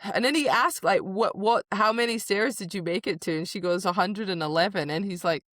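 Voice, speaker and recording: A woman's voice: mid-range voice, brisk, fairly bright tone, no room sound, clean studio sound. A woman co-hosting a book podcast in casual chat, animatedly retelling scenes, acting out quoted lines and laughing often.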